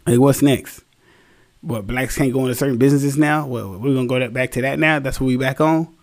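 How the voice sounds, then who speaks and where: A man's voice: medium pitch, fairly quick. A young man, tired, talking bluntly and casually in a rambling, slangy opinion monologue, swearing freely. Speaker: solo commentary host.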